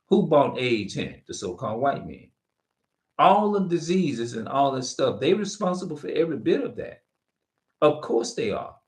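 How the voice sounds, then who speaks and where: A man preaching straight to camera in a loose, informal way, mixing scripture readings with blunt cursing. His pitch swings widely as he hammers his points home, and he often restarts and repeats phrases for emphasis. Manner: emphatic, profane, repeats himself. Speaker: street preacher.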